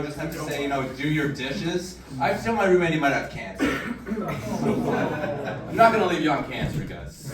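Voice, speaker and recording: A man in his thirties doing a stand-up set, telling a rambling story full of fillers. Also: a little high. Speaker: stand-up comedian. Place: large room at a comedy show. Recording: echoey hall, distant mic, crowd noise. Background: audience laughter.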